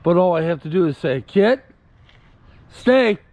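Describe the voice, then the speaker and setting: A man's voice: a little high, steady tone, fast, dark tone, highs cut off. A man vlogging casually while walking his puppy outdoors, rambling and repeating himself and talking soothingly to the dog. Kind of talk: casual chat to camera. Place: outdoors on a walk.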